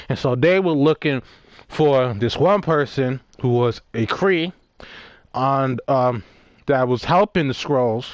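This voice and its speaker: A man's voice: mid-range voice, a little slow, no echo. A young man of about nineteen, casually recapping a movie while playing a game, rambling and swearing with lots of laughs and fillers. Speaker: gaming vlogger.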